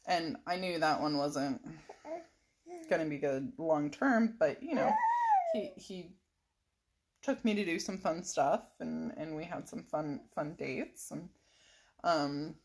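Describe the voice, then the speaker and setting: A woman's voice: deep voice, expressive, slow pace, pauses often, a little mellow, a little hiss or hum. Chatty woman rambling through a story. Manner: rambling, chatty, frequent fillers and laughs. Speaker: vlogger. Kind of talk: casual storytelling vlog.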